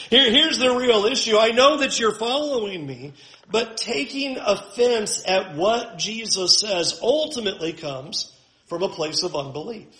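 Male pastor, higher register, emphatic preaching, roomy echo on the recording. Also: lively intonation, unhurried, sharp tone. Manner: emphatic, building lists with rising force. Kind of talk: sermon.

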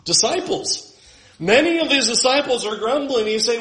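A man's voice: extremely high pitch, animated, moderate pace, sharp tone, roomy sound, poor audio. A male pastor preaching a sermon with emphatic delivery, building lists with rising force.

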